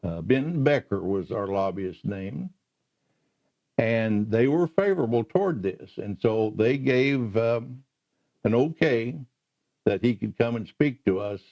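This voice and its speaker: An older man slowly recalling his career in an oral history interview, pausing often with "uh". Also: mid-range voice, lively intonation. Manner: slow, halting storyteller with many "uh" pauses. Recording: muffled lo-fi recording.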